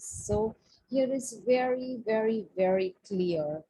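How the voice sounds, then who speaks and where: A woman's voice: mid-range voice, expressive, a little slow, dark tone, slightly rough, low-quality recording. A woman teaching a scripture class over a video call, talking in an easy storytelling way and often saying "you see". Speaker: spiritual teacher.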